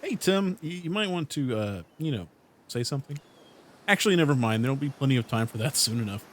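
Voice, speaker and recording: A man's voice: medium pitch, animated, quick pace. A young man hosting a let's play, reading the game's text aloud with jokes and laughing often. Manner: playful, laughs between lines.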